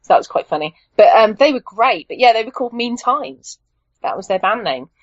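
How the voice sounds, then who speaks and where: A woman's voice: a little high, lively intonation, brisk, no room sound, highs cut off. A woman guest on a podcast, chatting enthusiastically and rambling with plenty of fillers. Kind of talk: casual chat.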